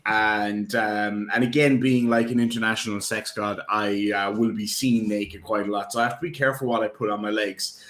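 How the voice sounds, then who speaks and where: A man's voice: lowish voice, fairly even intonation, normal speed, a bit bright. Joking man in a roomy echo. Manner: rambling and joking, with frequent ums and uhs. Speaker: guest. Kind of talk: casual live-stream chat.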